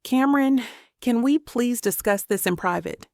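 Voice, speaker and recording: A woman's voice: fairly high pitch, expressive, moderate pace, a little mellow, dry recording, studio quality, voice pushed up. A woman voicing a grumpy male professor from an audiobook romance, speaking in a subdued, pleading way. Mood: apologetic.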